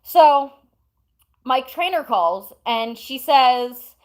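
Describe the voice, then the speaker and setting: A woman's voice: high voice, animated, extremely slow, low-quality recording. Woman streamer telling a long story. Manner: rambling, breaks off to talk to chat and pets. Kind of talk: casual storytelling to chat.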